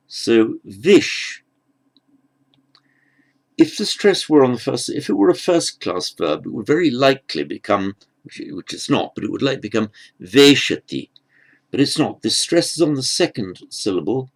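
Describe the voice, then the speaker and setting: A man teaches Sanskrit grammar in an unhurried lecture, patient and halting, often restarting his phrases. His voice is mid-range and creaky.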